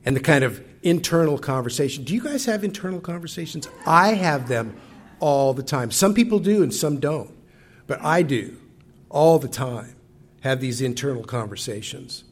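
A male preacher delivers a sermon reflectively, often putting questions directly to his congregation. His voice is medium-pitched with lively intonation, and he speaks at a moderate pace.

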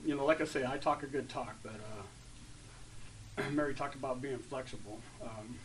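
A man in his fifties sharing a rambling, heartfelt testimony with a group, full of fillers and restarts, turning loud and animated when he retells stories. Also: medium pitch, moderate pace, a little hiss or hum. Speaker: church member sharing a testimony. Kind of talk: casual spoken testimony to a group. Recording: distant mic with faint room ambience.

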